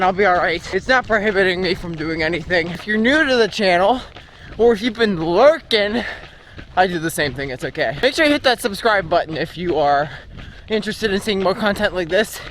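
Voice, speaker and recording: A young man with a rather high voice chats freely to his handheld camera while jogging down the road. He talks casually, like a running diary. Faint outdoor noise and passing vehicles sit underneath his voice. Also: fairly bright tone. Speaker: vlogger training for a marathon.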